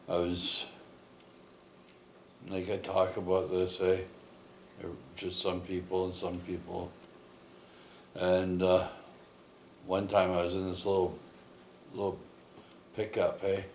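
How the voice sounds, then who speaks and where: Slow, deep-voiced man rambling. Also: completely flat delivery, a little mellow. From Canada. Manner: rambling, many fillers and tag questions. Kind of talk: rambling personal storytelling. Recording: echoey room, faint ambient noise.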